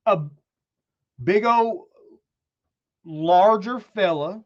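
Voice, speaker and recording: A man's voice: on the high side, lively intonation, measured pace, highs cut off. A man hosting his channel, ranting bluntly and heatedly about sports, swearing and rambling. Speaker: channel host.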